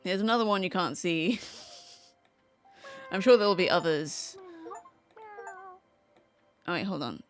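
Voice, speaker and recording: Lively, playful woman streamer. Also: mid-range voice, measured pace, long pauses, soft background music. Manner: playful and chatty, talks to the cats on screen. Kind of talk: casual gameplay commentary.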